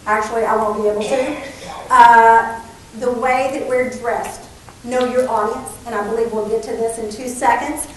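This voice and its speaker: A woman with a Texas Southern accent giving a lively, chatty conference talk on business etiquette and joking with her audience. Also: fairly high pitch, moderate pace. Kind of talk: conference presentation. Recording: echoey hall audio from far off, faint background noise.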